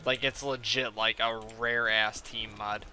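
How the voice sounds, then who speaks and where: A man's voice: medium pitch, flat delivery, measured pace, sharp tone, a little hiss or hum. A young man chatting casually while playing a game, rambling with lots of "like" and retelling a conversation line by line. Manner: rambling, lots of "like" and retold dialogue. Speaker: gaming streamer. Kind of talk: casual chat while gaming.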